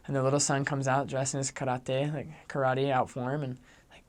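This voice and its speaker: A man's voice: mid-range voice, fairly quick. A young adult man, a returned missionary, telling a story in a casual, chatty way and saying "like" a lot. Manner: chatty, heavy use of "like", animated.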